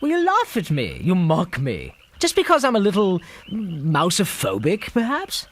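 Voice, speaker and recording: A man voicing a classy, fussy talking pet cat with a British accent in an animated film. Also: high-pitched, measured pace, exaggerated voice. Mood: aggrieved.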